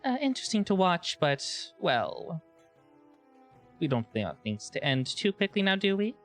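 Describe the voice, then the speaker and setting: A man's voice: high-pitched, big pitch swings, unhurried, fairly bright tone, soft background music, voice pushed up, exaggerated voice. A man voicing a mysterious female desert guardian who speaks in a sly, mock-polite way. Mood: sly teasing.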